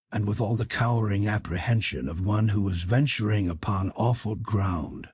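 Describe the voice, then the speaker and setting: A man narrating an audiobook in an expressive storytelling delivery. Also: fairly low pitch, husky, no echo.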